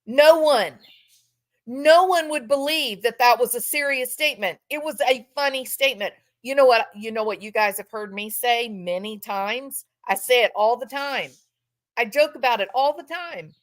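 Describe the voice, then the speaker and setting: A woman's voice: fairly high pitch, a little slow, fairly bright tone. A woman giving impassioned true-crime commentary from home, repeating phrases for emphasis and mock-quoting others.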